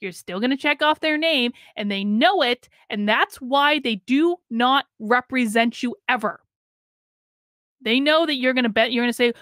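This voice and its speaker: An exasperated woman rants through political commentary in a fairly high voice. She hammers her points hard and slips into mocking sing-song quotes. The sound is close and dry, with no room around it. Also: normal speed, fairly bright tone, dry recording.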